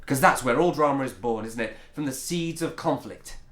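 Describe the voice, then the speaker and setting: A man's voice: medium pitch, moderate pace, fairly bright tone, natural voice. Man doing a grieving writer, stammers a lot, echoey room. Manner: hesitant, stammering. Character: grieving, blocked male writer. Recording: roomy echo.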